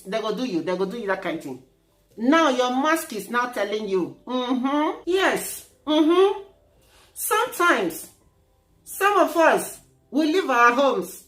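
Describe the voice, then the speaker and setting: A Nigerian woman hosts a casual vlog, teasing and lecturing her viewers in turn. She speaks slowly in a fairly high voice. The room echoes, and soft music plays underneath. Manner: playful, teasing, preachy. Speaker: vlogger.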